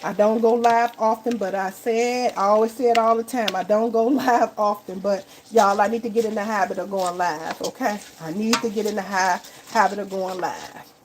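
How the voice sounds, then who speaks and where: Woman, casual live cooking chat, home kitchen, phone on the counter, faint background hiss. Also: medium pitch. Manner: chatty, keeps addressing viewers as y'all with repeated okay. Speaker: cooking livestream host.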